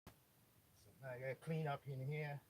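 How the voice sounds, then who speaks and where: A man talking through an engine rebuild in a casual, wisecracking way, tossing in off-color jokes as he explains. His voice sits at an ordinary middle pitch, with a faint hum of noise behind him. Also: steady tone, measured pace, a little mellow. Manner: joking, off-color asides. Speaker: auto mechanic. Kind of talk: casual repair how-to.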